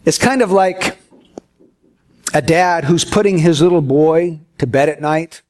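A pastor preaches to his congregation in an earnest, folksy way, telling a homespun story with gentle humor. His pitch is fairly high and his pace measured.

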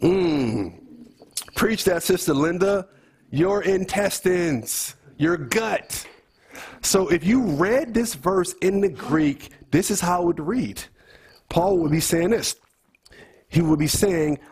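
Husky high-voiced man teaching Scripture. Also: animated, slow, darkish tone. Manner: earnest, repeats key phrases, quizzes listeners. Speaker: Bible teacher. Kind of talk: conversational Bible teaching.

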